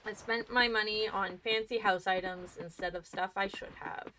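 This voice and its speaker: A young woman streaming a video game, chatting excitably and talking to herself as she plays. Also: medium pitch, normal speed, a little hiss or hum. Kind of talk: casual let's-play commentary.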